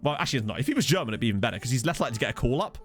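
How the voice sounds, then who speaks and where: Talking fast with big pitch swings in a mid-range voice, this streamer plays a football management game while soft music runs underneath. He's chatty and jokey, replying to his viewers' chat over a desk USB condenser microphone.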